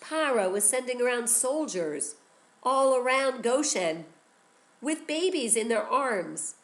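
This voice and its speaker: Animated woman teacher telling a story to children. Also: fairly high pitch, takes it slowly, poor audio. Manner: animated, addresses listeners with "guess what".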